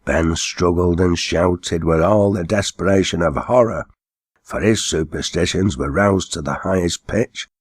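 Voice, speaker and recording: A man narrating an old dialect story, reading it aloud in a steady storytelling way. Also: deep voice, unhurried, breathy edge, no room sound, clean studio sound.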